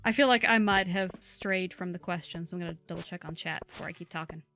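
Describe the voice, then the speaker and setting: A woman's voice: lowish voice, fast talker, a bit bright, faint music behind. Chatty woman with a Southern US accent. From southern United States. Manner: chatty and rambling, reading chat aloud. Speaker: co-host of a game livestream. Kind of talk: casual livestream chat.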